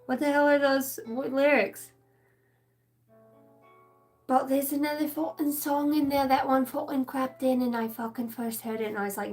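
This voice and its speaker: A woman's voice: sits high, fairly even intonation, moderate pace, faint music behind, poor audio. A woman in her thirties giving a casual, profane, rambling live tarot reading as a channeler. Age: 30s.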